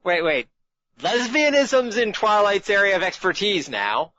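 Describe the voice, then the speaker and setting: A man's voice: sits high, very animated, a little slow, bright, forceful tone. Pedantic man reading aloud, muffled. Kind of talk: casual read-aloud with banter. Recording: muffled lo-fi audio.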